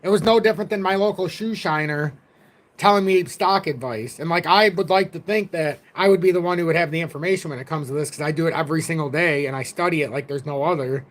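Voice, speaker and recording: Man, high-pitched voice, middle-aged, casual livestream host, rambling, blunt, swears. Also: quick pace. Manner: rambling, blunt, swears, reads donations aloud.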